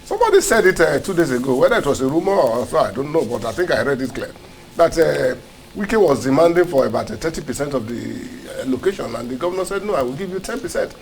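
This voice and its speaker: A man's voice: a little high, sing-song, quick pace, creaky. Earnest man arguing politics. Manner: earnest and argumentative, repeats words while building a point. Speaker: co-host and commentator. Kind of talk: opinionated political commentary. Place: broadcast studio.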